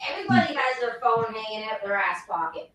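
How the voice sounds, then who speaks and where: A woman's voice: fairly high pitch, animated, fast, roomy sound, background noise. A woman co-hosting a casual chat, speaking in blunt, exasperated asides.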